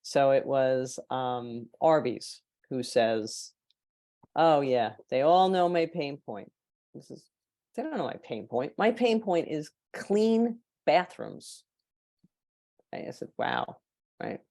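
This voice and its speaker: Speaking slowly in a deep, rumbling voice with no echo, a woman appears as a guest on a podcast. She is a marketing consultant who tells anecdotes in casual conversation, animatedly acting out the people she quotes.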